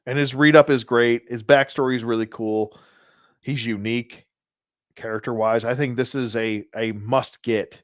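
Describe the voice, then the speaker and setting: A man hosting a casual toy collector review, rambling, laughing at himself and sometimes dropping to a hushed storytelling voice. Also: mid-range voice, steady tone, unhurried, dry recording. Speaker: toy collector channel host.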